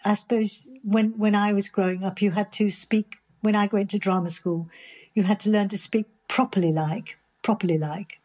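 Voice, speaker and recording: A woman's voice: medium pitch, steady tone, normal speed, warm tone. An older woman from Birmingham, an actress being interviewed, answering in a chatty, enthusiastic way. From Birmingham, England. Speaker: actress guest.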